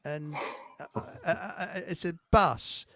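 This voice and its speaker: A man's voice: on the high side, measured pace, sharp tone. A middle-aged man, hosting a live online show in a rambling, jokey chat and laughing at his own jokes. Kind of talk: casual chat.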